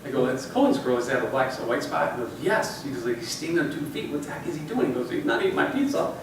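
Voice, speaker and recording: Racing through a motivational address to his employees, this company leader in his forties is very animated, his voice mid-range. He rambles conversationally, tells personal stories and repeats phrases for emphasis. Slight background noise is heard, and he's distant from the mic in an echoey room.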